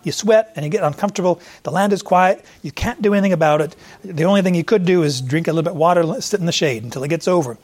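This high-voiced male pastor delivers an expository sermon conversationally. He pauses to look for verse numbers and occasionally voices imagined questions to a listener.

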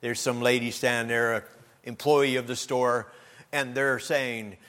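A man's voice: mid-range voice, lively intonation, a little slow, a bit bright. A man preaching a sermon, telling folksy stories and rising into emphatic appeals. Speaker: pastor. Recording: long hall reverb.

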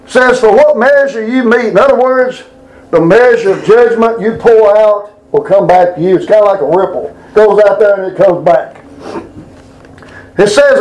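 A man's voice: high-pitched, normal speed, darkish tone, recorded from a distance. A middle-aged man preaching a folksy sermon to a responsive congregation. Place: church sanctuary. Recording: echoey church room.

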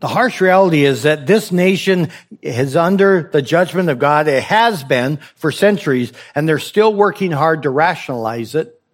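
A man's voice: on the high side, lively intonation, normal speed. Man preaching with rhetorical questions. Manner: exhorting, rhetorical questions, repetition for emphasis. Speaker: pastor. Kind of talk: sermon.

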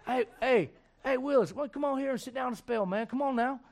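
A friendly old-time Southern farmer, as a preacher puts him on, coaxing a boy over to eat with a warm drawl. The voice sits higher than the speaker's own, loose and chatty. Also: a little fast. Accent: put-on Southern US. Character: folksy hospitable Southern farmer man.

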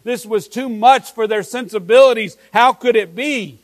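A man's voice: extremely high pitch, normal speed, poor audio. A pastor preaching an earnest sermon to his congregation, asking his listeners many questions.

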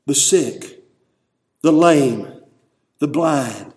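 A man preaching an emotional sermon in a church, swinging from loud calls to hushed, tender lines. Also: on the high side, lively intonation, extremely slow, long pauses. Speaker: pastor. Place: church sanctuary.

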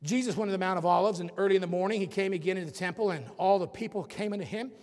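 A man preaching a sermon as pastor, calling out to the congregation and building to shouted points. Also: sits high, racing. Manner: preachy, rising to shouts, calls for audience response. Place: large church sanctuary. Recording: long hall reverb.

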